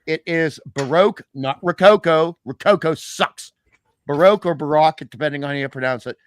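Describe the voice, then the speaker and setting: A man's voice: a little high, fairly quick. Opinionated man in casual chat. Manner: opinionated, wry, many restarts. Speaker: guest.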